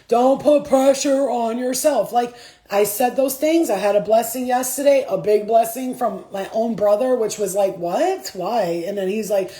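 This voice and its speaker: A woman's voice: fairly high pitch, mellow. A woman in a casual spiritual vlog, talking loosely and with lots of swearing, often laughing and acting out voices as she tells her story. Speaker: spiritual reader.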